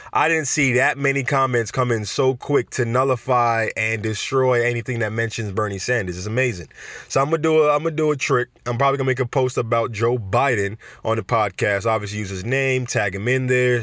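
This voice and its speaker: Male podcast host, casual and rambling, mid pitch, dry close recording. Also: a bit bright, no room sound. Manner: rambling, chatty, self-correcting. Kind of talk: casual podcast monologue reading news.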